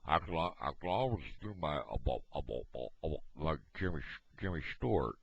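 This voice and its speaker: A man from Missouri vlogging in a meandering, halting, folksy monologue. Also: rumbling low, big pitch swings, gravelly, a little hiss or hum. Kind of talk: rambling casual monologue. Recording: dull lo-fi home recording.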